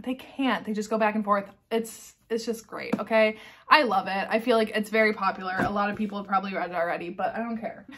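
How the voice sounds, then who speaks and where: A woman's voice: mid-range voice, fairly bright tone. A woman in a casual chat about books, talking bluntly with lots of fillers. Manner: chatty and blunt, heavy on fillers like "like". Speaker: book reviewer.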